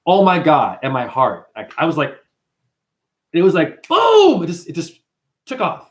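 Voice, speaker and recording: A man hosting a spiritual livestream, talking to his chat in an animated way, calling listeners honey and chanting mantras. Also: fairly high pitch, measured pace.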